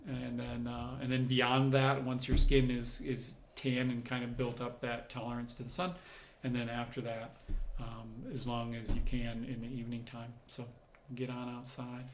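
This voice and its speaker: A man's voice: medium pitch, monotone, normal speed, hardly any pauses, reverberant, slight background noise. A man, a doctor, hosting a livestream Q&A, reading out viewer comments and answering them in a conversational, explanatory way. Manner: conversational, explanatory, thinks aloud while answering.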